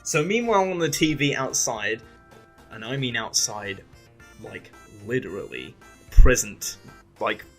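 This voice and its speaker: A man's voice: mid-range voice, sing-song, unhurried, fairly bright tone, faint music behind. A man with a British accent chatting casually, rambling through a movie recap and swearing freely. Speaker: podcast co-host, movie reviewer. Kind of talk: casual chat, movie review.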